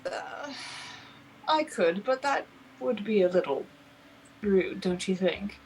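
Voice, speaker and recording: A woman voicing a veteran pirate captain in a lowered, calm and polite voice. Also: slow pace, distant mic, a little hiss or hum, low-quality recording. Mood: dry.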